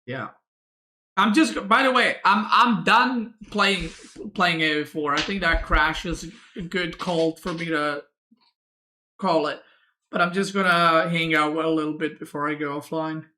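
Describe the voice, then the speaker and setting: Bright-voiced streamer. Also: male voice, fairly high pitch, unhurried, a little hiss or hum. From Serbia. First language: Serbian. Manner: relaxed, answers chat questions aloud. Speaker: game streamer. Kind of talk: casual chat with stream viewers.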